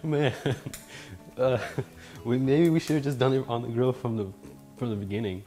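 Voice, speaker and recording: A man's voice: mid-range voice, normal speed, long pauses, music in the background. Joking man narrating his cooking. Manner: joking, self-mocking, with loud startled outbursts. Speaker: cooking video host. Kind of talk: casual cooking vlog narration.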